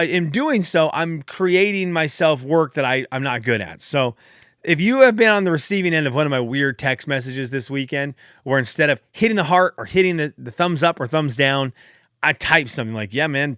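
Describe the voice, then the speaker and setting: A man's voice: on the high side, normal speed, fairly bright tone, clear, resonant tone, no echo, clean studio sound. A man hosting a solo podcast, chatting casually in a rambling, self-deprecating way, fired up late at night. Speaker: podcast host.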